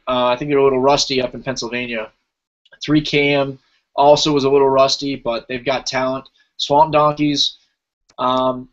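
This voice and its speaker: A man's voice: medium pitch, a bit bright, lo-fi sound. A man hosting a casual podcast who rattles off team lists and chats about each team. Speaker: podcast host.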